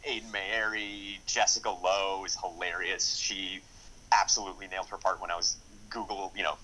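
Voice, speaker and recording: A man's voice: low voice, flat delivery, moderate pace, pushed and bright, rough recording. A man who wrote and directed a film, chatting enthusiastically in an interview, rambling with lots of fillers and restarts. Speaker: screenwriter and director. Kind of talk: casual interview.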